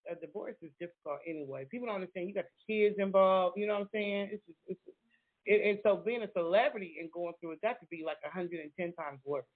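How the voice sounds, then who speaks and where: A woman with a Southern American accent co-hosting a casual chat, animated and quick to laugh. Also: fairly low pitch. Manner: animated, chatty, laughs often. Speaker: co-host. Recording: tinny phone-like line.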